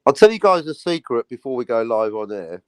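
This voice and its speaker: A man's voice: mid-range voice, big pitch swings, brisk, a little hiss or hum, rough recording. Rambling, jokey man on a livestream. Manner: rambling, jokey, swears a lot. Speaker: livestream host and comic creator. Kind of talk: casual livestream chat.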